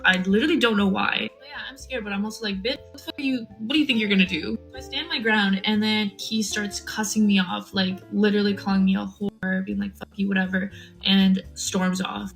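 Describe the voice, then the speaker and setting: A woman's voice: medium pitch, rough recording. Chatty young woman telling a storytime. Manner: chatty, many "like" fillers, acts out quotes. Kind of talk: casual storytime chat.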